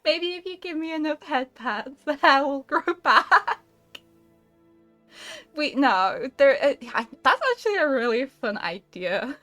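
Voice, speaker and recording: A woman's voice: high-pitched, pushed and bright, dry recording. A woman streamer chatting live with her viewers, playful and giggly, laughing often between lines.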